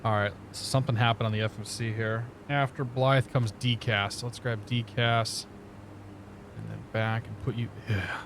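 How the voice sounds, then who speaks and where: A man's voice: mid-range voice, little pitch movement, moderate pace, a bit bright, a little hiss or hum. A man streaming a flight simulator in casual chat, joking at himself and laughing easily while he explains cockpit controls. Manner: chatty, laughing, self-joking.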